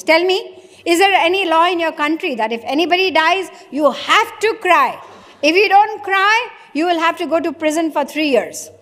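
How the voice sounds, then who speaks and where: A spiritual teacher with an Indian English accent speaks in a high, clear woman's voice. She questions her listeners and voices both sides of imagined exchanges. The sound carries a long reverb, as in a large hall. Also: a bit bright. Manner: questioning, acts out dialogues with listeners. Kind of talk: religious discourse.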